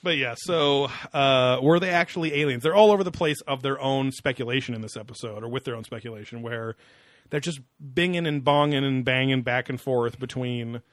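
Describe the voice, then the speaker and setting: A man's voice: medium pitch, brisk, dry recording, studio quality. A man co-hosting a casual podcast, rambling and sarcastic, with frequent laughter. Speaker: podcast co-host. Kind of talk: casual chat.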